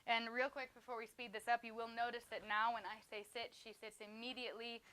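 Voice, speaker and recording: A woman's voice: fairly high pitch, little pitch movement, brisk, bright, forceful tone. A woman demonstrating dog training outdoors, chatty and explaining each step as she goes. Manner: chatty, explains while praising the puppy.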